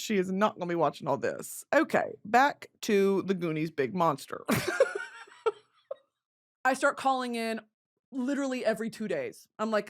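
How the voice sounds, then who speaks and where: In a sing-song, medium-pitched voice at normal speed, a young podcast host tells funny stories. She laughs and swears a lot and mimics the voices of others.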